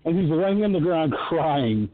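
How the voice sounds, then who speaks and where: Male co-host, lively scene-retelling voice, fairly high, tinny phone-line quality. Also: measured pace, over a noisy crowd. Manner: animated retelling, acts out quotes. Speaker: podcast co-host. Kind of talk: casual film discussion. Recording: phone-like, narrow sound.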